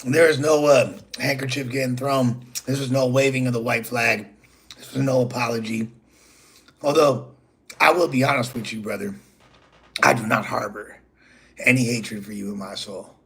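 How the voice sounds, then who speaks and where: A man's voice: mid-range voice, steady tone, normal speed, a bit bright, slightly rough. A man hosting his own channel, talking straight to a rival in a rambling, profane, casual monologue full of "bro" and "you feel me". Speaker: host.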